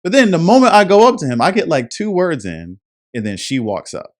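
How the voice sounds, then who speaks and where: A man's voice: a little high, huge pitch swings, brisk. A man telling a dating story as a podcast guest in casual chat, acting out what people said. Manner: storytelling, acts out quotes.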